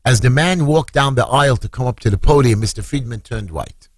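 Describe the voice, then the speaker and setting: A man's voice: fairly quick, no room sound, studio quality. A middle-aged man tells an emotional story on the radio, with dramatic swings in his voice. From Brooklyn, New York. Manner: dramatic retelling, voice leaping high when acting out screams. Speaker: council candidate.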